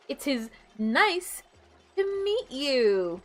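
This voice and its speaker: Lively, chatty woman streamer. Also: medium pitch, measured pace, pauses often. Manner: chatty, mutters to herself, playful outbursts. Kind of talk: casual gameplay streaming.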